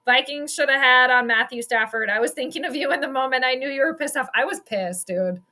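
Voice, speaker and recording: A woman's voice: high voice, a little fast, sharp tone. A young woman giving casual live-stream commentary on a game as a frustrated fan, blunt and swearing freely.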